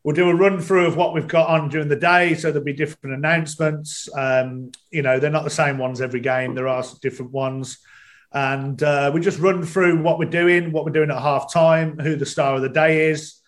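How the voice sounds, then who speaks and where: A man's voice: fairly high pitch, fairly even intonation, fairly quick. Hesitant man on a video call. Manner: hesitant, many ums and restarts. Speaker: guest, stadium announcer. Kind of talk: casual podcast chat.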